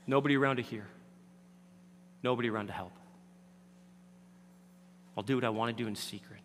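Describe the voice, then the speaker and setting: A man preaching a sermon as pastor, swinging from loud emphatic lines down to hushed near-whispers. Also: medium pitch, slight background noise. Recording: reverberant hall.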